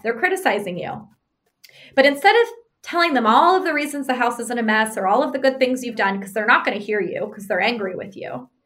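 A woman with a somewhat high voice explains relationship advice in a relaxed, conversational way. She is animated and slips into acted-out bits of arguments, and she keeps checking in with a quick "right?". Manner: animated, acts out example arguments.

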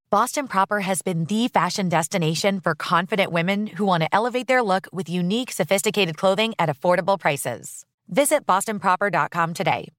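A woman reading a scripted fashion ad in a smooth, upbeat sales voice. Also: mid-range voice, a bit bright, no room sound, clean studio sound. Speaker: ad narrator. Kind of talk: scripted ad read.

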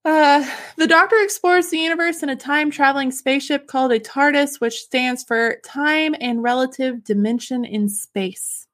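A woman with a high, light voice chats on a podcast, reading off fun facts. She laughs easily and sounds keen on her subject. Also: normal speed, hardly any pauses, fairly bright tone. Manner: giggly and enthusiastic. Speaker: podcast host. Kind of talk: casual chat, reading out facts.

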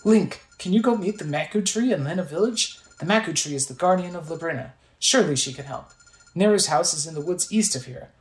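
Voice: medium pitch, lively intonation, fairly quick, echoey room, pitched above the performer's own voice, natural voice, poor audio. A game player voicing a weakened, wise older woman from a video game who speaks earnestly and asks for help.

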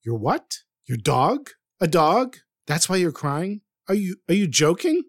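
A man's voice: high voice, sing-song, measured pace, no room sound, clean studio sound, voice pushed up, full character voice. A man voicing a puzzled, blunt professor who questions everything in disbelief. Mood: incredulous. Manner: incredulous, questioning.

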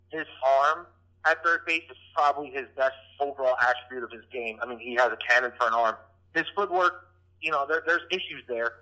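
A man's voice: medium pitch, sharp tone, poor audio. A man talking as a guest on a sports podcast, casual and a bit hesitant, citing stats. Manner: hesitant, restarts often, stats-heavy.

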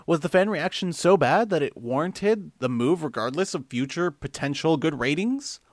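A man putting on a squeaky, girlish voice for a young male fan, rambling and indignant. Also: lively intonation, moderate pace, no room sound, natural voice. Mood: whiny indignant.

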